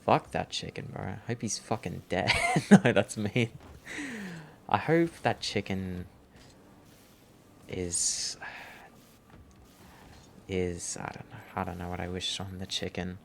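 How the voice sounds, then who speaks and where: A man's voice: low-pitched, takes it slowly, vocal fry, long pauses, fairly bright tone, slight background noise. A young man rambling through a story while gaming, swearing often and calling the listener bro. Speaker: gaming vlogger.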